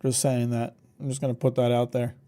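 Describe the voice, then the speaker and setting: Streaming from home, a man chats casually with his viewers, reading the chat aloud and joking and swearing bluntly. His mid-range voice is dark and utterly flat, and he talks fairly quickly.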